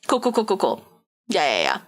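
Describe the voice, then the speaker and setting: A young woman streaming a game live, chatting to her viewers in a high-energy, rambling way, swearing and saying "like" often. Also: wildly swooping pitch, brisk. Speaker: VTuber streamer.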